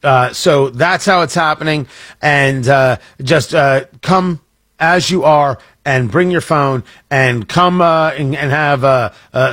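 Male morning radio host, rambling and jokey, slightly husky, dry studio sound. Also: a little high, a bit bright, no room sound. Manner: rambling, self-interrupting, jokey. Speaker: radio talk show host. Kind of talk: casual on-air chat and promo. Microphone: studio microphone.

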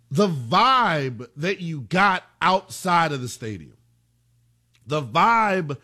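A young man hosting a sports talk show, delivering an excitable, folksy monologue with casual swearing and low muttered asides.

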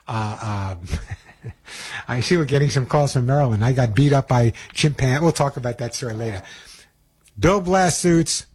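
A man's voice: medium pitch, a little mellow, husky. A middle-aged man with a New York accent hosting a call-in pet radio show, chatty and upbeat, rambling with restarts.

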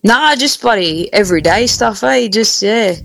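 A man's voice: high voice, lively intonation, a little slow, gravelly, fairly bright tone, a little hiss or hum. A man, a pub owner being interviewed, laid-back and easygoing. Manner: laid-back, says "eh" and "bloody". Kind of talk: casual phone interview.

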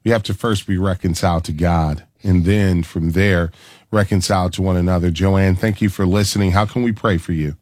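A man hosting a Christian call-in radio show, speaking gently and encouragingly to callers and guests. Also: deep voice, fairly even intonation, a little fast, dry recording, clean studio sound.

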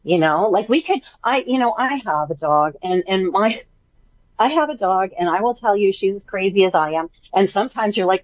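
A woman's voice: medium pitch, animated, fairly quick, no echo, highs cut off. A woman who works as an animal communicator, talking chattily and enthusiastically as a guest in a radio interview. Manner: warm, chatty, enthusiastic, many fillers.

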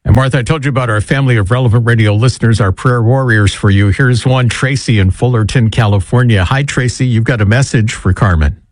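A man hosting a radio talk show, speaking warmly and in a gently reassuring way. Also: mid-range voice, fast talker, hardly any pauses, no echo.

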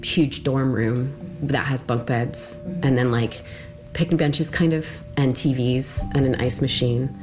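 A woman in her thirties recounting a personal ordeal in an interview, halting and full of "like". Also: rumbling low, fairly even intonation, over music. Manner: halting, lots of "like", quoting others in small voices.

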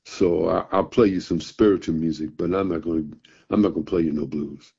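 Older man quoting a stern old bluesman, gruff, teasing, low and gravelly, muffled. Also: steady tone, fairly quick, dark tone, full character voice. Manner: gruff, teasing, calls the listener boy. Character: stern old one-eyed male blues master. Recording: dull, muffled recording.

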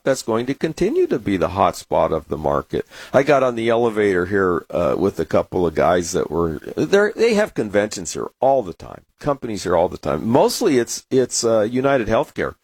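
A man's voice: on the low side, slightly rough, dry recording. An American man from San Diego, talking casually to the camera as a market commentator and telling rambling stories full of "uh"s. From San Diego, USA. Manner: rambling, anecdotal storyteller with many fillers.

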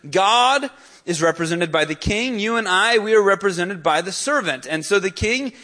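A man's voice: sits high, animated, moderate pace, bright, forceful tone. A male pastor preaching a sermon in an earnest, emphatic way, lifting his voice on key points.

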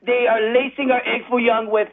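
Brief: male caller, Chicago accent, rapid jokey rambling, tinny phone line. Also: very high voice, little pitch movement. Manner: very fast, scattered, jokey.

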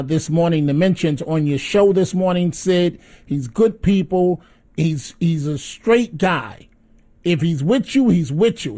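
A man's voice: high voice, a little mellow. A man hosting call-in talk radio, upbeat and chatty, combative about politics. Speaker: radio talk show host.

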